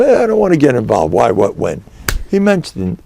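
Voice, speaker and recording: Gravelly older rabbi telling stories. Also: male voice, fairly high pitch, normal speed. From United States. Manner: chatty, animated, peppered with Yiddish and Hebrew words. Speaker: rabbi giving a class. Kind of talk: anecdotal storytelling lecture.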